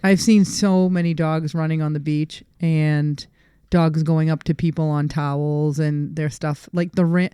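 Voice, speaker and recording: A woman's voice: low voice, measured pace, clean tone, no room sound, studio quality. A woman co-hosting a casual dog-training podcast, talking emphatically and acting out what she says. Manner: emphatic, animated, laughs often, acts out quotes. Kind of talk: casual chat.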